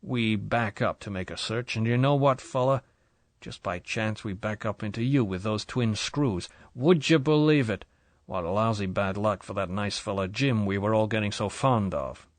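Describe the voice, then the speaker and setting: A man's voice: on the low side, normal speed, no room sound, close to an everyday voice. Drunk, bullying tycoon, sneering and slurred, read by a male narrator. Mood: menacing drunk.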